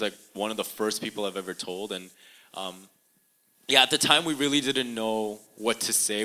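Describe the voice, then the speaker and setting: Halting young man with a bright voice. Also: lowish voice, rough recording. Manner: halting, many fillers and restarts. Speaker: guest sharing a personal testimony. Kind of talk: earnest interview answers. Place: room with a live audience.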